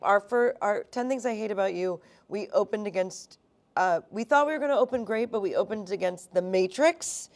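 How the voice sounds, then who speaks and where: A woman's voice: mid-range voice, moderate pace. A woman screenwriter telling stories at a live cinema event, enthusiastic and laughing often. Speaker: screenwriter guest. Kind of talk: animated conversational interview.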